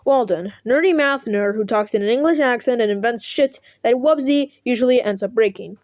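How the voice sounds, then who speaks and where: A woman's voice: a little high, fairly quick, darkish tone, no echo. A young woman reading a snarky article aloud, sarcastic and profane, sometimes tripping over words. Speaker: content creator.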